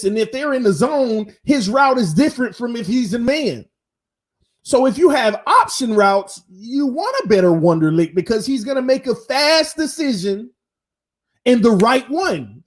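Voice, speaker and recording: A man hosting his own sports channel, chatting casually and slangily to viewers on a live stream. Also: very high-pitched. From Florida. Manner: animated, talks straight to viewers, slangy.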